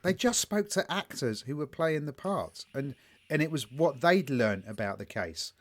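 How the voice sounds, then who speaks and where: A man's voice: on the high side, lively intonation, normal speed. Man telling stories on a podcast. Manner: swearing, storytelling, jumps into mock quotes. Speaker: podcast co-host. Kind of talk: casual chat.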